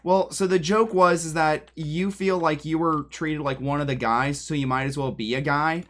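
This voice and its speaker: A man's voice: on the high side, steady tone, normal speed, fairly bright tone. A man livestreaming from a home room, rambling and joking straight to his chat, sometimes drifting away from his desk mic. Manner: drifts away from the mic while moving around.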